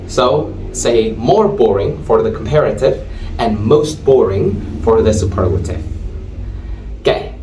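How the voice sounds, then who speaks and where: Male English teacher, slow and deliberate, roomy off-mic sound. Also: mid-range voice, a little mellow, distant mic, a little hiss or hum. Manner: slow, deliberate explaining with spelled-out endings. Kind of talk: English grammar lesson.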